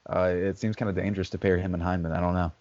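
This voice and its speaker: A man co-hosting a casual sports podcast, relaxed and easygoing, with hesitant fillers. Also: sits low, rapid-fire, no echo, lo-fi sound. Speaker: podcast co-host.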